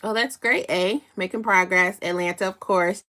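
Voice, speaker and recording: A woman's voice: medium pitch, fairly even intonation, moderate pace, sharp tone. Giggly young woman live-streaming. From Chicago, USA. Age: 20s. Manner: chatty, giggly, reading out viewer comments. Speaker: livestream host. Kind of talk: casual live-stream chat with viewers.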